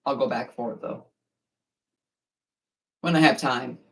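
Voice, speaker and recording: A woman's voice: extremely low pitch, a little slow, vocal fry, far from the mic. A woman who eats competitively, chatting casually and telling rambling stories with lots of fillers. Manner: relaxed, rambling storytelling with fillers. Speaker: competitive eater. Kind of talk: casual chat.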